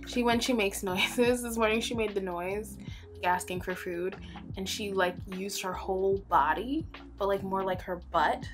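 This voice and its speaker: A woman's voice: mid-range voice, steady tone, moderate pace. Chatty young woman vlogging over music. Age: 20s. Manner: chatty and rambling, laughs often, emotional. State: holding back tears. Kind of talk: casual personal vlog.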